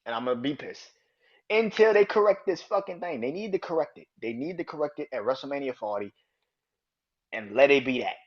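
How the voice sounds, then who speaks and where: A man hosting his own podcast, ranting angrily and swearing, jumping from loud outbursts to low mutters. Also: animated, a little fast, breathy edge. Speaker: podcast host. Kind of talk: casual solo podcast rant. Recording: dull lo-fi sound.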